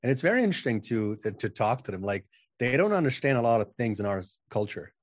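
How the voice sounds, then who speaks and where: In clean studio sound with no echo, a podcast guest who works as a channeling coach talks in a casual interview. His medium-pitched voice is sing-song and quick, and he comes across as self-assured and emphatic, often doubling up words as he starts a sentence.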